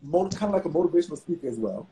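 A man hosting a casual live stream, a little drunk, talking in a profane, rambling, animated way, with a rough, hoarse voice and a Southern US accent. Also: fairly high pitch, rapid-fire, heavy background noise. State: tipsy. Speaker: host.

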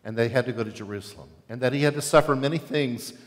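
A male pastor preaching a sermon in a church, animated and often asking the congregation questions. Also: mid-range voice, fast talker, big-room sound. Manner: animated, asks the congregation questions, acts out quotes. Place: church sanctuary.

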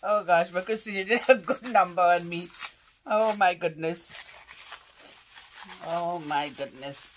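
Woman, lowish voice, casual vlog, gushing, exclaiming, laughing, faint background hiss. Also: slow pace, long pauses. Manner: gushing, exclaiming, laughing often while struggling with packaging. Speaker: vlogger opening fan mail.

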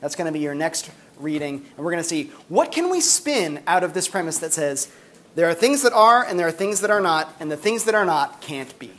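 A man's voice: on the high side, fairly quick, a little hiss or hum. A man lecturing on philosophy to a university class, casual and chatty with many fillers. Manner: chatty, filler-heavy, animated storytelling.

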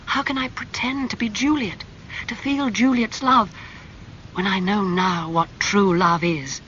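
A man's voice: expressive, fairly quick, bright, forceful tone. A man reading aloud, voicing a young woman actress who is loving and pleading in a storybook. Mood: earnest. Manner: high, pleading, emotional delivery. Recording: slightly muffled with faint hum.

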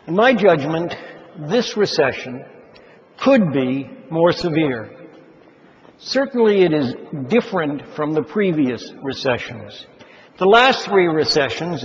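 An older man delivers a measured lecture, leaning hard on the words he wants remembered. His voice sits a little high for a man. It reaches the mic muffled and dull, with a long reverb trailing through a large hall. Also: a little hiss or hum. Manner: measured, emphatic, stresses key words. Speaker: economist giving a talk. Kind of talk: lecture to an audience of investors.

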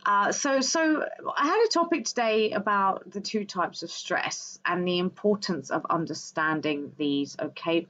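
A woman's voice: mid-range voice, unhurried, fairly bright tone. A woman hosting a wellbeing livestream, talking to her viewers in a casual, passionate, emphatic monologue. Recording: slightly dull lo-fi audio.

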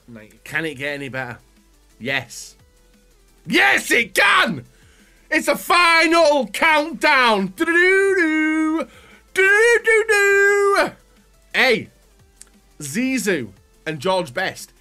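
Excitable man yelling at packs. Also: mid-range voice. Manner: excitable, yelps and shouts at the screen; talks to viewers as "guys". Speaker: YouTuber. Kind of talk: pack-opening commentary.

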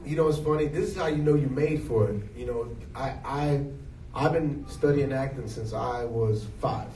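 A man in his forties, an actor being interviewed, telling stories in an animated, jokey way. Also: mid-range voice, normal speed. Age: 40s. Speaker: actor guest. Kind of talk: casual interview. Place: event hall with an audience. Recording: echoey hall, distant mic, noise.

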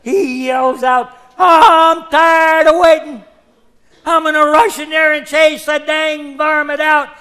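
A man's voice: very high voice, slow pace, long pauses, pushed and bright, heavily acted. A man on stage playing a rambling hundred-year-old backwoods man who cackles and retells the same yarn in old-timer slang. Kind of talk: one-man stage comedy.

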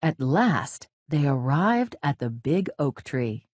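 A woman reading a children's story aloud very slowly for young learners, with a husky voice. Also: sits low, big pitch swings, darkish tone, no echo, clean studio sound. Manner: very slow, clearly paced for learners.

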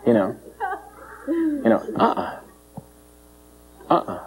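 A man preaching an informal sermon, animated and joking, jumping into high mocking voices and chuckling between points. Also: normal speed, crowd noise, low-quality recording.

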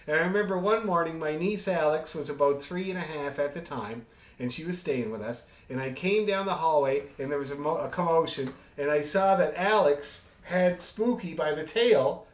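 The orchestra leader of an online music rehearsal speaks in a slightly high voice at a moderate pace. He's casual and friendly, telling rambling stories full of jokes, recorded in an echoey room.

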